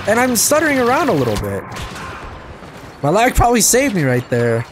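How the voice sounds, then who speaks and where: A young man giving casual, self-mocking commentary over his gameplay, his voice jumping high when things go wrong. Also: huge pitch swings, fairly quick, background noise. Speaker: gaming channel host. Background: game music and gunfire.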